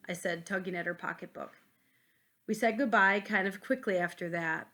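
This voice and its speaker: Woman reading a novel aloud at home. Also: medium pitch. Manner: gentle, pauses to comment for young listeners. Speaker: reader. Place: at home, with a pet dog nearby.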